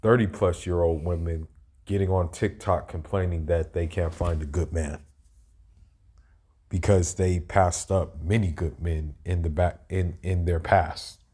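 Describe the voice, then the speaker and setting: A man's voice: deep voice, fairly even intonation, unhurried, dark tone, breathy edge. A man reacting to a played video in casual, rambling commentary, often restarting and asking "you know what I mean".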